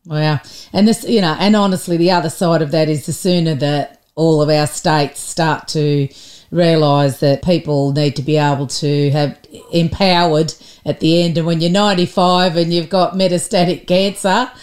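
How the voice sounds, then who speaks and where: Australian woman podcast host, lower register, affirming chatty delivery. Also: steady tone, moderate pace, a little mellow. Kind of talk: podcast interview.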